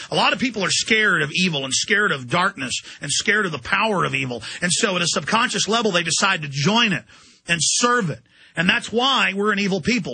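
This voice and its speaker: A man's voice: high-pitched, bright, forceful tone, breathy edge. A man hosting a radio show, delivering an intense political rant and repeating words as he heats up. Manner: ranting, intense, repeats words when heated. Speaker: radio host.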